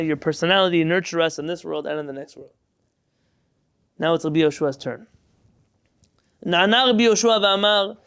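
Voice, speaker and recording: A man leads a Torah lesson in a fast, high-pitched voice. He reads Hebrew passages aloud and turns each line into English, stopping to quiz his students. His voice has a gravelly, creaky edge. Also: fairly bright tone. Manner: quizzes students with questions. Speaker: Torah teacher.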